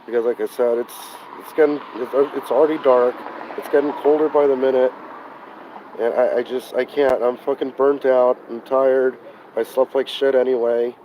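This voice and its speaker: A man's voice: medium pitch, steady tone, normal speed, warm tone, slight background noise, poor audio. Sick, fed-up man venting on a stream. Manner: frustrated, swearing, sighing, burnt out. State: sick, hoarse from coughing. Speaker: live streamer. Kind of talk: live-stream vlog, talking to chat. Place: outdoors beside a car at night.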